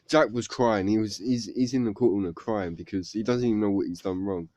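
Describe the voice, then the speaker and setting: A man's voice: fairly low pitch, brisk, dark tone, no room sound. A young man telling a story casually, rambling with lots of fillers. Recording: dull lo-fi recording.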